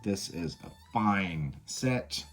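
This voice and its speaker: A man's voice: low-pitched, animated, extremely slow, faint music behind. A man casually reviewing a tarot and oracle deck, candid and blunt, swearing and using lots of fillers.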